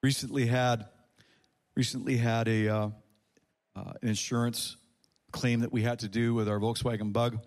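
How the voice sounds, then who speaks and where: Man telling a lively faith story. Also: medium pitch, moderate pace, long pauses. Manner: animated, acts out quoted voices, repeats phrases. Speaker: speaker sharing a personal faith story. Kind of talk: casual storytelling with a faith message.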